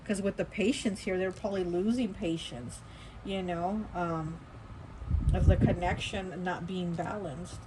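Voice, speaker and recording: A woman's voice: lowish voice, fairly even intonation, a little slow, noisy background. Chatty woman giving a tarot reading. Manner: chatty, rambling, many fillers and restarts. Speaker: tarot reader. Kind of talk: casual tarot reading monologue.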